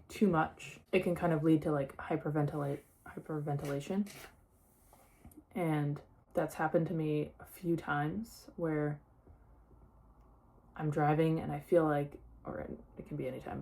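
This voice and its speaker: This young woman vlogger has a low, warm voice. She's casually sharing her own experience in a personal vlog, chatty and leaning heavily on "like" as a filler.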